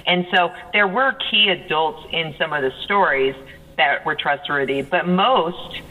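A man in casual conversation, explaining at length in an animated way. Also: a little high, measured pace, low-quality recording. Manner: animated, talks in long explanatory runs. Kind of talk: casual chat.

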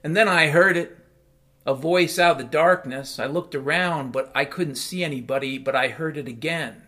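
A man's voice: on the high side, normal speed, pushed and bright. A man telling a first-person story in a casual, wry, matter-of-fact way, over piano music.

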